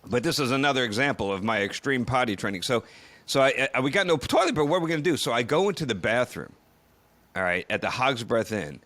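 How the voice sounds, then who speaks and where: A man telling a camping story in casual podcast chat, relaxed and full of fillers. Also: mid-range voice, no echo. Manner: relaxed, filler-heavy, quick asides. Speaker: podcast co-host.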